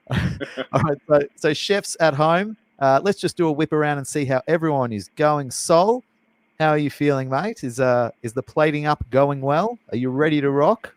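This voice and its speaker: A man's voice: a little high, normal speed, dry recording, rough recording. A man hosting a live cooking show, chatty, jokey and self-deprecating. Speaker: host.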